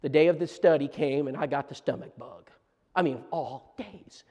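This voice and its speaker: A man with a notably high voice tells a story as a preacher, animated and stumbling over repeated words as he goes. His voice hangs in the long reverb of a church hall. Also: normal speed. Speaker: preacher teaching a church seminar. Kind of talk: storytelling sermon lesson. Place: church auditorium.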